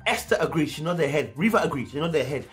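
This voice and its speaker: Speaking at a quick pace in a higher voice, a man with a London accent gives a laid-back, animated show review. He slips into slang and does impressions of parents.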